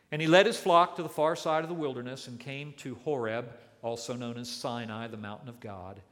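A man preaching an expository sermon, building his points with dramatic pauses and emphasis. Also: medium pitch, a bit bright. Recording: long hall reverb.

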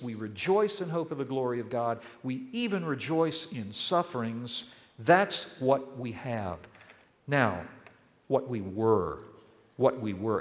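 An older man preaching a sermon as pastor, earnest and emphatic, leaning on key words with pauses. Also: medium pitch, fairly bright tone. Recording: long hall reverb.

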